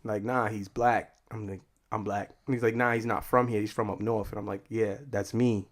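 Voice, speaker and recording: A man's voice: lowish voice, level tone, moderate pace. A young man from Boston co-hosting a podcast in casual banter, laid-back, swearing, laughing often. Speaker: podcast co-host.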